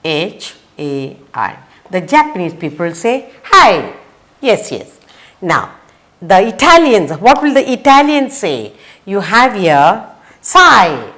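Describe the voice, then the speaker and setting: A woman's voice: mid-range voice, sing-song, a bit bright. A woman with an Indian English accent teaching a vocabulary lesson for children, spelling letters out and repeating each word. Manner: slow, sing-song, repeats words and spells letters.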